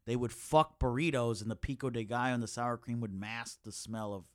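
A man's voice: medium pitch, fairly even intonation, fairly quick, smooth. A man from Chicago, a comedian guest, chatting playfully and riffing with sound effects. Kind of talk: casual chat.

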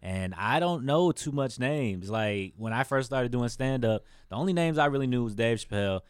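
A man who does stand-up comedy, talking as a guest in a relaxed, soft-spoken way and swearing casually. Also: medium pitch, moderate pace, smooth, dry recording, studio quality. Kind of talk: casual interview chat.

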